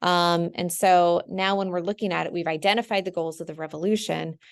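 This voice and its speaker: Chatty woman teacher with a gravelly low voice. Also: fairly even intonation, brisk. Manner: chatty, full of ums and "right?". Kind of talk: casual screen-share lesson.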